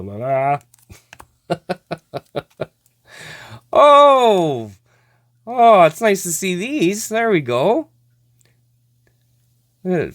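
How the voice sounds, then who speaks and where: A man talks through a card-opening session in a relaxed, chatty manner. His pitch swings widely as he exclaims over finds and laughs at himself. He speaks slowly, and the voice sounds dry and close. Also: no room sound. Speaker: host of a hockey card opening show. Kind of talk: casual card-opening commentary.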